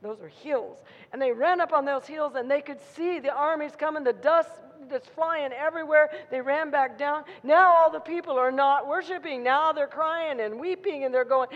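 A woman preaching a sermon, telling a story in an animated way and acting out the voices of a frightened crowd. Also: high-pitched, normal speed, hardly any pauses. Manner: animated, acts out crowd voices with rising intensity. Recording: muffled sound in a reverberant hall.

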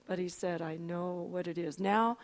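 An older woman telling an emotional personal testimony, animated, with frequent restarts and a voice that climbs and drops. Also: lowish voice, moderate pace. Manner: animated storyteller, voice rises and falls, frequent restarts. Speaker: speaker giving a testimony.

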